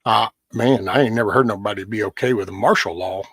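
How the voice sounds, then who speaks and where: A man's voice: fairly low pitch, fast, fairly bright tone, breathy edge, no echo. A man hosting a casual livestream, ranting bluntly with lots of swearing and answering viewers' chat by name. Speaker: livestream host.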